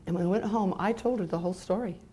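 A middle-aged woman from California, giving an emotional Christian testimony to an audience as a mother, moving between bright emphasis and hushed intensity. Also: medium pitch, fast talker, a little hiss or hum. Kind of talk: sermon-style personal testimony.

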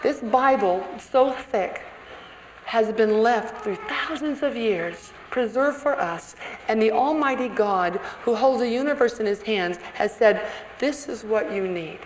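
A woman preaching a sermon to other women, animated and storytelling, sometimes acting out an accusing inner voice. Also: a little high, a little slow. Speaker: women's conference speaker. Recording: echoey hall with faint room noise.

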